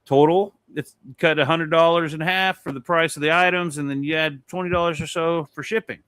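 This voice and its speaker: Guy rambling through a story, cussing a lot, bright voice, dry sound. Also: on the high side, a little fast, clean tone, dry recording. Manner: animated, swearing, rambling anecdote. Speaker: podcast co-host. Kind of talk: casual storytelling chat.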